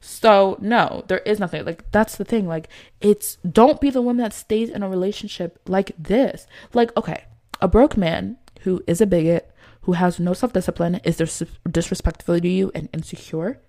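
A young woman talking casually to camera, reading from her notes and giving blunt dating advice with emphatic outbursts and lots of fillers. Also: moderate pace. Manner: emphatic, animated, swings from low asides to loud outbursts; chatty, many fillers and restarts.

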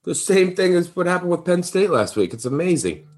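A man hosting a sports betting podcast, chatting casually and getting excited in sudden bursts. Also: brisk. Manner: excitable, big leaps in pitch. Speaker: podcast host.

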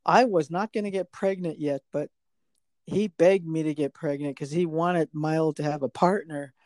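A woman's voice: deep voice, moderate pace, a little mellow, no room sound. An older woman, the host's mother and a guest on his podcast, looking back on family memories and chuckling often. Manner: chuckling, reminiscing. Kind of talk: casual family storytelling.

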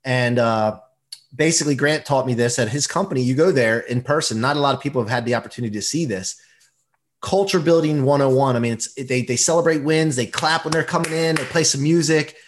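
A man who is a performance coach, talking as a guest in a casual interview, energetic, emphatic and motivational. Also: mid-range voice, fairly quick.

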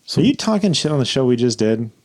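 A man's voice: medium pitch, sing-song, fast talker, darkish tone. A man co-hosting a casual podcast, teasing his friends and reading out the show plugs. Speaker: podcast co-host. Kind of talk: casual banter. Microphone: studio mic.

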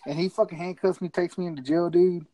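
A man's voice: high-pitched, steady tone, quick pace, warm tone, rough recording. A man telling a rowdy, profanity-laced story in casual chat.

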